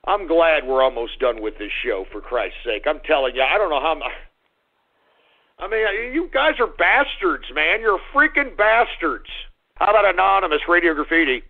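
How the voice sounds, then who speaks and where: A male radio host ranting angrily at his callers, cursing and yelling at them. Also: on the high side, very animated, normal speed, husky. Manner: angry, cursing, yells at callers. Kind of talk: call-in radio rant. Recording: phone-like radio audio.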